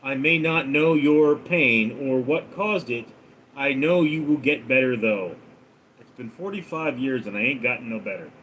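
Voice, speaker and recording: A man hosting a livestream, reading chat messages aloud with deadpan jokes and sudden deep drops for punchlines. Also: normal speed, slight background noise. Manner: deadpan, jokey, dips into a deep gravelly voice for punchlines; sings snatches of song in a high voice.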